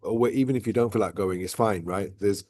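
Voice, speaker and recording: Man talking in a low, dry, mellow voice. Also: fast talker, no room sound. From outside Dubai. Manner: rambling, repeats "right?" and "look". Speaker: vlog host. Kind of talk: casual reflective chat.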